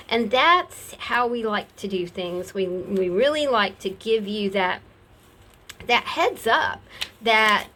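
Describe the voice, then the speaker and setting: A woman's voice: mid-range voice, fairly bright tone. A middle-aged woman, rambling chattily as she shows off craft supplies and laughs at herself. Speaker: craft seller showing her products. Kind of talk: casual craft show-and-tell.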